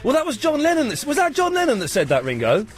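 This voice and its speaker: A man hosting a live radio phone-in, lively, a little flustered and out of breath. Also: very high-pitched, fast talker, faint music behind. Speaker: radio host.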